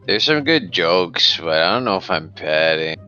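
A man's voice: low-pitched, big pitch swings, normal speed, sharp tone, dull audio, soft background music. A man chatting casually with friends while gaming, rambling and trailing off mid-thought. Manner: rambling, trailing off, self-interrupting. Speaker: gamer in voice chat.

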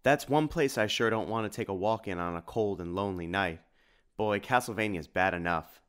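A man voicing an excitable, wisecracking young boy in an audiobook, with jokey outbursts. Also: on the low side, moderate pace, smooth, close to an everyday voice. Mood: excited. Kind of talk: audiobook character voice.

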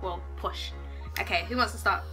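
A woman's voice: mid-range voice, normal speed, music in the background. A young woman hosting a casual video chat, playful and giggly. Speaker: YouTuber host.

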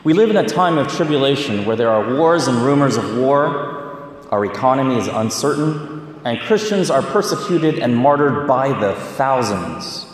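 A man serving as a deacon, giving a slow, measured sermon with lively rises and falls. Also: mid-range voice. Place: large church. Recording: echoey church from far off.

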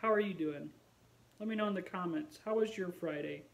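A man's voice: high-pitched, brisk, gravelly. A tired young man vlogging from home late at night, chatting expressively and sighing often. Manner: chatty and expressive, with frequent sighs. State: tired, yawning. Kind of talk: casual late-night vlog chat.

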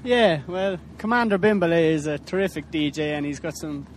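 A man with a notably high voice drops dry, matter-of-fact remarks into a casual chat. Faint noise sits behind him. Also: a little fast. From Germany. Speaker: fellow traveller, roommate.

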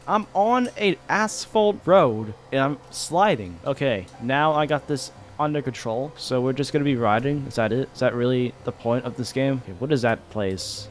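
A man giving let's-play commentary on a game, excitable and exclaiming with frequent laughs. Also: medium pitch. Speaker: gaming YouTuber.

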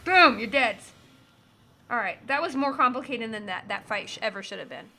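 A woman in her thirties chats loosely while streaming a game, her high, bright voice bouncing between commentary and silly sung bits. She is playful and goofy, humming and singing nonsense as she plays. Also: animated, fast talker, gravelly. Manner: goofy, sings and hums while playing. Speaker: streamer playing a video game. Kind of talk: casual gaming chat.

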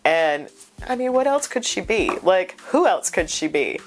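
A woman hosting a reaction video in casual chat, excitable and gushing, sounding stuffed up from crying. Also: unhurried, soft background music. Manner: excitable, gushing, with big pitch jumps.

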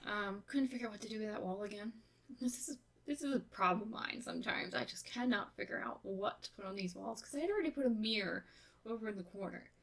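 A woman in her thirties, narrating her game build in a relaxed, rambling, chatty way, a little tired. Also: medium pitch, fast talker. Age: 30s. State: tired, winding down. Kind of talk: casual voice-over narration of a build.

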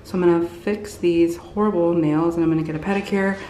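A woman's voice: on the low side, steady tone, fairly quick, mellow, a little hiss or hum. A young woman chatting casually to the camera as a vlogger, loose and rambling with many fillers. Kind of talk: casual vlog haul chat.

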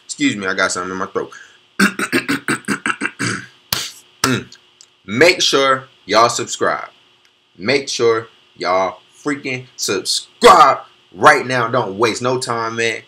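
A young man hosting a reaction video, excitable and slangy, talking back at the clips he watches. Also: mid-range voice, takes it slowly, pauses often. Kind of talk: hyped casual commentary.

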